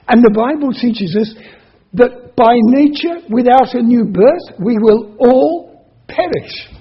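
A man preaching a sermon in an emphatic way, slowing down and repeating key phrases. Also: extremely high pitch, husky. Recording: dull lo-fi sermon recording.

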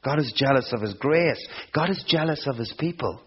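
A man preaching a sermon, slow and emphatic, building repeated phrases to a peak. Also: medium pitch, expressive, husky. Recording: dull lo-fi sound.

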